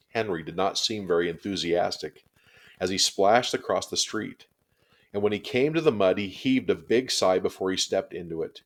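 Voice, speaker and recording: A man with a very deep, low voice reads a children's chapter book aloud. His storytelling is steady and expressive, paced for young listeners. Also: moderate pace.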